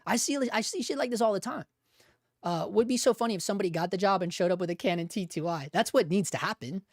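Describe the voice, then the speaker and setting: A man's voice: high voice, quick pace, dry recording, clean studio sound. A young man hosting a casual livestream, swearing freely and ranting hard, often repeating himself and chuckling as he reads viewer comments. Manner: profane, fired-up ranting with lots of repeated words. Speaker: host.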